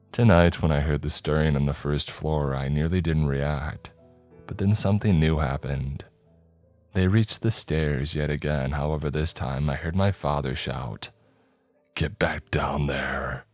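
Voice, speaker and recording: A man narrating a horror story in a slow, measured storytelling voice. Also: a bass voice, darkish tone. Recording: dry close mic, faint background music.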